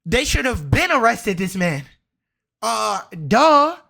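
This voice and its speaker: A man's voice: very high voice, sing-song, slow pace, gravelly, sharp tone. A man hosting a reaction video, talking in a blunt, incredulous, joking way. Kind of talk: casual reaction commentary.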